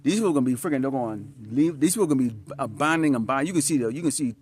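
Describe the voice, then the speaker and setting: A man's voice: mid-range voice, expressive, racing, darkish tone, a little hiss or hum. A man preaching an outdoor sermon, emphatic and repetitive, often checking in with the listeners with short questions. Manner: emphatic, repetitive, peppered with "Huh?" and "All right?". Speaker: street preacher. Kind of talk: outdoor sermon with scripture reading. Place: outdoors, dusty and slightly windy.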